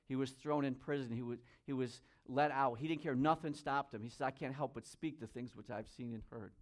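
A man preaching a sermon. He reads scripture aloud, comments on it, and swings between loud emphasis and quiet asides. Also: medium pitch, fairly even intonation, brisk. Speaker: pastor.

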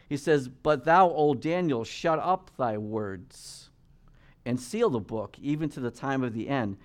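A man preaching a verse-by-verse Bible teaching, reading scripture slowly and with emphasis, then explaining it in casual asides, often dropping low and quiet at the ends of points. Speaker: pastor.

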